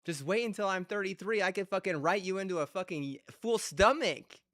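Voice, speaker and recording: Young male gamer, foul-mouthed angry rant, slightly high voice, dry close mic. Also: a little fast, dry recording. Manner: profane, ranting, yelling bursts.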